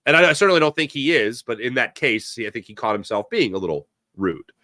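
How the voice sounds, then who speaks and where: A man hosting a live sports talk show, giving opinionated takes and answering viewer chat in an animated way. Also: mid-range voice, no echo, clean studio sound. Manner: opinionated, animated, quick asides to chatters.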